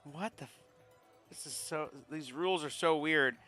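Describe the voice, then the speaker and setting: A man's voice: on the high side, normal speed, bright, forceful tone, soft background music. A man running a tabletop game as game master, chatty, checking rules aloud with stumbles.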